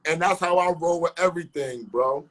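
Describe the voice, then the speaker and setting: High-voiced man from Queens telling stories. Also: moderate pace. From South Jamaica, Queens, New York. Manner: animated storytelling, street slang, acts out dialogue. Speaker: guest, rapper and actor. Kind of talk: casual interview chat.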